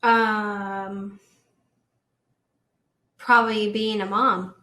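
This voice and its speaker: A woman in her twenties telling a story in a casual chat, animated and full of "like"s and laughs. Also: mid-range voice, extremely slow, echoey room. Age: 20s. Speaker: guest, host's daughter.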